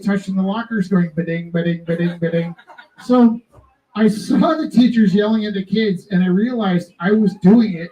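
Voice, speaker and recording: High-voiced male host, rambling storyteller, dull lo-fi sound. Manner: rambling, self-interrupting, animated. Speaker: live art auction host. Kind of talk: casual storytelling to a live audience.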